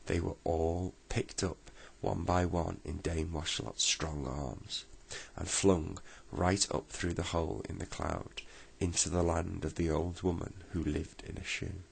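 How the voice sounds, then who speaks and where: Man, bedtime story narrator, deep voice, slow gentle reading. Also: steady tone, vocal fry, slightly rough.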